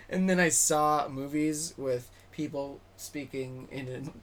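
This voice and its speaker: A woman's voice: low voice, unhurried, a little hiss or hum. A young woman guest comedian in a casual chat, giggling often as she talks.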